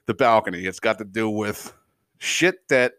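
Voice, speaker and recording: Profane, animated middle-aged podcast ranter. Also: male voice, fairly low pitch, moderate pace, clean tone, dry recording. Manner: profane, animated, laughing storyteller. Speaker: podcast host. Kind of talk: casual comedic rant.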